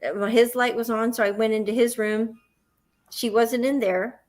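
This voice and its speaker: A woman's voice: a little high, fairly even intonation, moderate pace, a little mellow. A woman with a Southern US accent, hosting a livestream and telling a long personal story, acting out her own panic in the quoted parts. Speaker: host.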